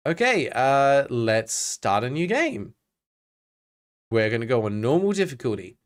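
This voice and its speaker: Chatty Australian guy with a lively voice. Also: medium pitch, a little slow. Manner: reads game text aloud, chatty and self-mocking. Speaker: streamer. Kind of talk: casual gameplay commentary.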